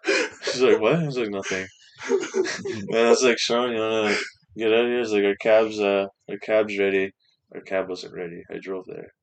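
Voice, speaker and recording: A man's voice: on the low side, normal speed, creaky. A young man from Canada telling a rambling, profane story on a casual podcast, acting out the other people's lines. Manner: swearing, animated anecdote with quoted voices. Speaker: podcast guest.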